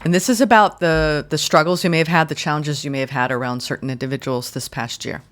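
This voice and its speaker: A woman giving a guided tarot and astrology reading in a gentle, soothing way, speaking in slow, deliberate phrases. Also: low-pitched, fairly even intonation, slight background noise. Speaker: tarot reader.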